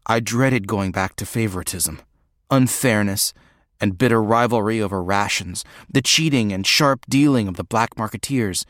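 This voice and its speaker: A man narrating a first-person novel in a measured, reflective way. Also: lowish voice, a bit bright, no room sound, studio quality. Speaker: audiobook narrator.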